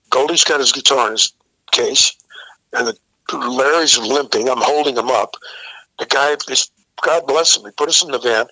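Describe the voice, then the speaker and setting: A man's voice: medium pitch, bright, forceful tone, dry recording, rough recording. An older man, a guest vocalist, telling profane, vivid stories in a casual interview. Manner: profane, vivid storyteller who acts out the people in his story.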